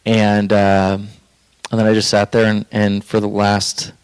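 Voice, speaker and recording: A young man recounts a turning point in his life in a casual, heartfelt way. His voice sits low and sounds smooth and clear. He wanders through fillers and restarts, and the sound is dry and close with no room around it. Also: completely flat delivery, a little slow, no room sound. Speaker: podcast guest sharing his faith story. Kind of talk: casual personal storytelling.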